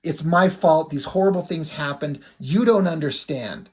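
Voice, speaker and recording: A man's voice: a little high, normal speed, slightly rough. A man voicing a wounded, guilt-ridden hero in a casual read-through of comic dialogue. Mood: guilty.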